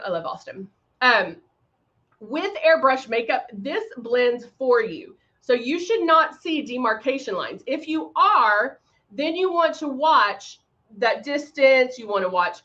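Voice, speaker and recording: A woman's voice: high-pitched, very animated, slow, a bit bright. A woman hosting a live makeup tutorial, chatting with viewers and greeting them by name between steps, with frequent fillers. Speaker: makeup demonstrator hosting a livestream. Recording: slightly dull livestream audio.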